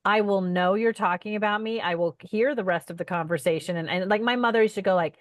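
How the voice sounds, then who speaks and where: A woman's voice: mid-range voice, quick pace, dry recording. Curious woman podcaster, dry mic. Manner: curious, questioning. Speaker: podcast co-host. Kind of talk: casual chat.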